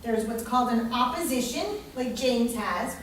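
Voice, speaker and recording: A woman's voice: a little high, normal speed, a little hiss or hum. A woman teaching a live workshop to an audience, telling stories animatedly and acting out the people in them. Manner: animated storytelling, quotes people in their voices. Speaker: astrology teacher. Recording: echoey room, voice from far off.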